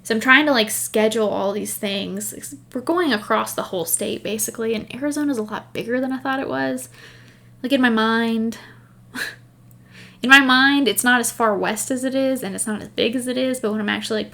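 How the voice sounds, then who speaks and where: Woman, podcast host, casual rambling chat, laughs at herself, slightly high voice. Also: moderate pace, creaky, bright, forceful tone. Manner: chatty, rambling storyteller.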